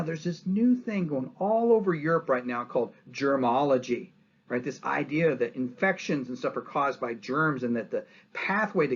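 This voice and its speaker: A man giving a history lecture as a lively story, acting out quotes and often asking "right?". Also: on the high side, slightly rough, highs cut off.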